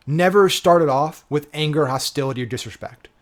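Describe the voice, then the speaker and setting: A man's voice: fairly high pitch, lively intonation, moderate pace. A man giving a casual, emphatic marketing lesson, often checking in with "right?" and swearing casually. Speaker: digital marketing coach. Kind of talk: casual instructional talk.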